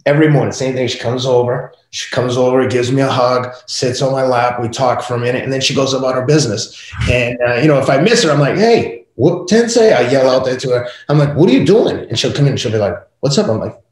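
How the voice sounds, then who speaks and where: A man's voice: medium pitch, fast talker. A middle-aged man, a podcast guest, telling family stories in a casual interview, acting out the voices of his kids and wife. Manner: animated, acts out family dialogue. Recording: echoey room.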